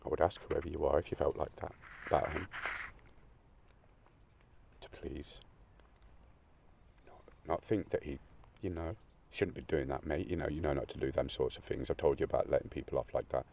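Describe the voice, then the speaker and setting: A man crying through a rambling, emotional monologue, swearing often and swinging between loud outbursts and hushed, near-whispered lines. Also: very deep voice, fairly even intonation, normal speed, vocal fry, long pauses.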